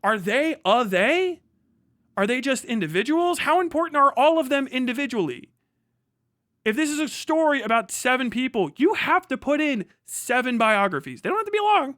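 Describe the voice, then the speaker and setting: A man with a high, bright, ringing voice, recorded dry and close with no room sound. He reads an article aloud on a live stream and keeps tearing into it with exasperated, profane rhetorical questions. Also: lively intonation, normal speed, dry recording. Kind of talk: live stream reaction, reading aloud and ranting.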